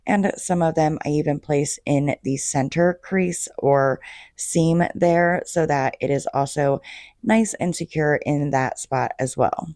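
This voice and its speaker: Woman, slightly hoarse, chatty DIY voice-over, gushing, dry close sound. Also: low-pitched, unhurried, darkish tone, dry recording. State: losing her voice, slightly hoarse. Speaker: DIY home decor creator. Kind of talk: casual craft tutorial voice-over.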